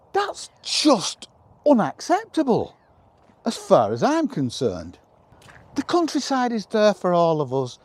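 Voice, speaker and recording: A man's voice: high-pitched, darkish tone. A man vlogging, talking straight to the viewer in an impassioned, emphatic opinion piece, often repeating himself.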